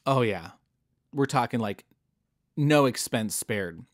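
A man's voice: medium pitch, lively intonation, slow pace, no room sound, studio quality. A man telling a Bible story in a casual, jokey way, full of modern slang. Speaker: Bible teacher.

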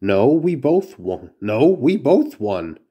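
A man's voice: mid-range voice, very animated, takes it slowly, mellow, slightly rough, full character voice. A man doing a sulky childlike monster. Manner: grumbling, feeling left out.

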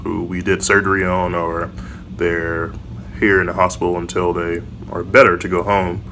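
A low-pitched man in his thirties talks through his working day in a vlog. His voice is bright and forceful, and he stops to explain each term in simple words. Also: vocal fry, a little hiss or hum. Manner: plain explanatory, defines terms as he goes. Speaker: resident surgeon. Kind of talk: casual vlog narration.

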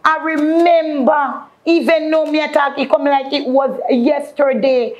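This guest, a Jamaican-accented woman, recounts an emotional personal testimony in patois, frequently calling out to believers. She speaks in a high-pitched, steady voice at a measured pace, and the recording's highs are cut off.

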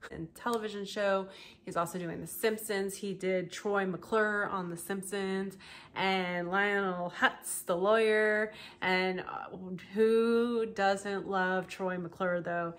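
A woman hosting a podcast tells a true-crime story in a loose, chatty way. She keeps breaking off into asides and laughs. Her voice sits at a middle pitch. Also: steady tone, takes it slowly. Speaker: podcast host.

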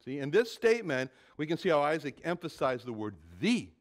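A man preaching a Bible sermon to his congregation, animated and dramatic when he quotes scripture, often repeating words as he thinks. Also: fairly high pitch, a little fast. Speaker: pastor.

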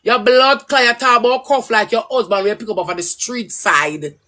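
A woman's voice: a little high, normal speed. A woman with a Jamaican accent ranting angrily on a livestream, cursing and swooping up and down as she talks. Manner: angry, cursing, loud and swooping. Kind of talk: heated livestream rant.

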